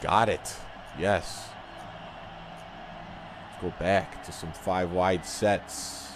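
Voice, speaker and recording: A man with a Chicago accent talks his way through a football video game in a low voice, chatty and easygoing. He reacts to the plays and answers viewers as he goes, with a faint hiss under the voice. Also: steady tone, very slow. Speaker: gaming channel host. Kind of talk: casual commentary while playing a football video game.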